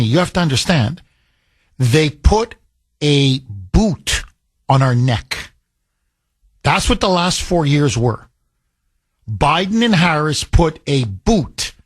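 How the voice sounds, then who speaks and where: A man's voice: a little high, dry recording. Emphatic middle-aged male radio host. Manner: animated, emphatic, rambling. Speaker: radio talk show host. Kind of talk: talk radio, taking calls. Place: radio studio.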